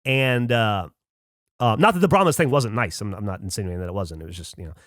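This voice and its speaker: A man's voice: on the low side, fast talker, fairly bright tone, no room sound, studio quality. A man on a podcast casually telling a long anecdote, acting out the people he quotes in a raised voice. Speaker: podcast host. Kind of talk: casual storytelling chat.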